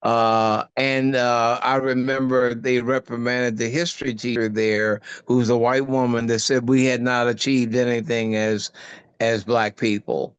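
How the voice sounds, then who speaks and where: A man's voice: mid-range voice, level tone, unhurried, clean tone, no room sound. An older man, a guest actor, telling stories in a casual interview, rambling and searching for words, laughing often. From United States.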